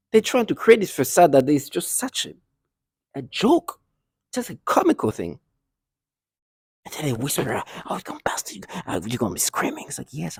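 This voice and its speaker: Man, husky voice, agitated rambling monologue, halting restarts, dry close sound. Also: medium pitch, darkish tone, no echo. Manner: agitated, angry, halting with repeated restarts and bitter laughs; drops to a near whisper at times. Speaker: vlogger. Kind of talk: rambling personal monologue to camera.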